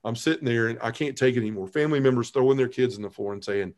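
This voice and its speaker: Earnest man telling his testimony. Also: darkish tone. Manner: earnest storytelling, halting restarts, drops low when emotional. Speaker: podcast guest. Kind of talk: personal testimony in conversation.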